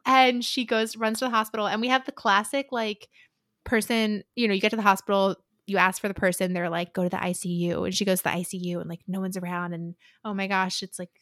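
A woman's voice: mid-range voice, flat delivery, fast talker, fairly bright tone, no echo. Chatty young woman, dry close mic. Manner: rambling, constant "like" fillers, retelling scenes in quoted voices. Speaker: podcast co-host. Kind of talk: casual book chat. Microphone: headphones with mic.

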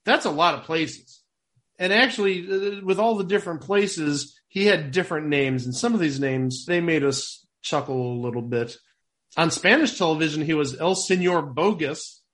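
A man's voice: on the high side, moderate pace, a bit bright. A man co-hosting a podcast, chatting casually in a wry, amused way. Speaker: podcast co-host. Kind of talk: casual chat.

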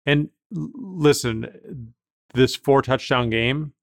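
A man's voice: medium pitch, slow, creaky, no room sound, studio quality. A man hosting a podcast, casual chat, talking emphatically and thinking aloud with restarts. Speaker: podcast host.

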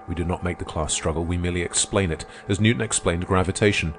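A confident man who argues gravely and matter-of-factly, as an audiobook reader voices him. His voice is low and deep, with faint music behind it. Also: quick pace. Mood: assured. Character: confident male socialist debater, calm and grave. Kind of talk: audiobook character voice.

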